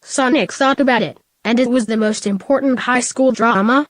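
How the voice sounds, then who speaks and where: A woman narrates a fan story in a flat, matter-of-fact reading. Her voice sits a little high, and the recording is dry and close. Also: moderate pace, dry recording.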